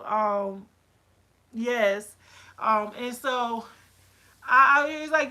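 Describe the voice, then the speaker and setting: An excitable woman chats on a livestream, rambling happily through fillers and quoted asides. Her voice sits a little high and rings bright. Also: slow. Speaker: candle-making business owner. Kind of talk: casual livestream chat.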